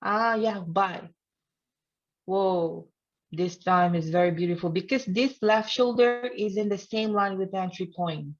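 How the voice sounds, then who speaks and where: A woman's voice: mid-range voice, measured pace, dull audio. A woman teaching a casual online trading lesson. She speaks simple non-native English and teases her viewers, laughing often. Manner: playful and teasing, laughing often. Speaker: trading instructor.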